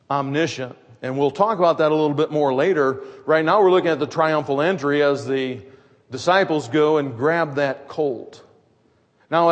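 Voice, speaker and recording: A man preaches in a slightly high-pitched voice, and a long reverb trails each phrase through the church. He keeps the sermon conversational and drifts into joking asides before finding his thread again. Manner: conversational, wandering into humorous asides. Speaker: pastor.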